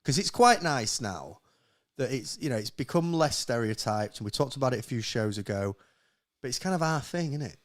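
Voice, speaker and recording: A man with a northern English accent, co-hosting a podcast in casual, animated chat with frequent swearing. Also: mid-range voice, brisk. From northern England. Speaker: podcast co-host.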